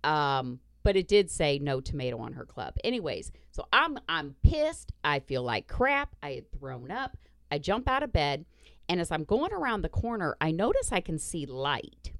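Profane, animated woman telling a story. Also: low-pitched, moderate pace, no echo. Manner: blunt, profane, animated retelling with quoted dialogue. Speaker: podcast host. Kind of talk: casual storytelling.

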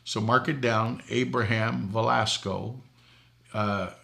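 Gravelly older preacher from Boston. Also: male voice, lowish voice, steady tone, takes it slowly, sharp tone. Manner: storytelling, folksy, laughs at his own jokes. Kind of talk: preaching talk show answering viewer questions.

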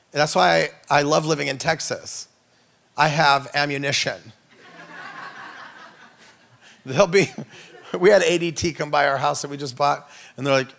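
Gravelly-voiced preacher telling funny stories. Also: male voice, a bit bright. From Norway. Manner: playful, jokey, acts out quotes with big pitch jumps. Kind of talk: comedic sermon storytelling.

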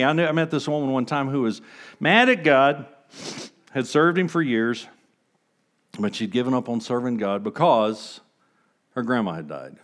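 A man preaching a sermon as pastor, conversational, asking the congregation rhetorical questions and swinging between hushed and emphatic delivery. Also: mid-range voice, moderate pace, long pauses.

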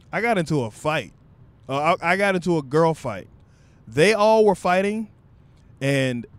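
A young man telling a funny story straight to his viewers, loose and profane. His voice sits a touch high and stays casual. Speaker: vlogger.

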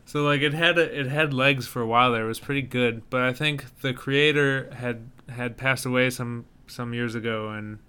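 A man's voice: medium pitch, fairly even intonation, moderate pace, few pauses, pushed and bright, clear, resonant tone. A young man co-hosting a podcast, chatting casually with dry, self-deprecating humor. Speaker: podcast co-host. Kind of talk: casual chat.

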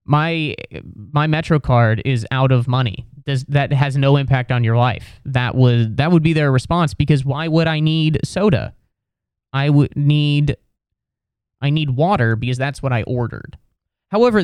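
A man's voice: mid-range voice, a little mellow, clear, resonant tone, dry recording. A man telling a rambling, exasperated comedic story in a casual, profane rant.

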